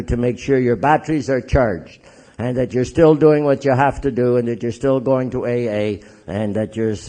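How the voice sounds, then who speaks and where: A Canadian man and Catholic priest telling his recovery story to an audience in a joking, animated way. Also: mid-range voice. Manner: joking, animated storyteller who acts out others' voices.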